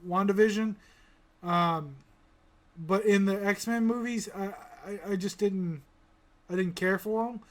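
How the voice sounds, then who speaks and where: A man's voice: high-pitched, fairly even intonation, a little slow. A man from the American South hosting a casual pop-culture review chat, rambling with many restarts and casual swearing. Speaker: podcast host.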